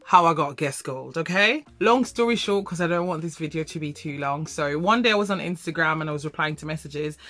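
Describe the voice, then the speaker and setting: A woman reviewing perfumes in a vlog, animated and emphatic, repeating words for emphasis. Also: sits low, brisk, hardly any pauses. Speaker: fragrance reviewer.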